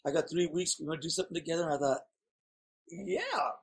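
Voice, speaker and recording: A man's voice: on the high side, quick pace, creaky, husky. A man chatting as a guest, telling rambling, candid stories in a playful way. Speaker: guest performer. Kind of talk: casual chat.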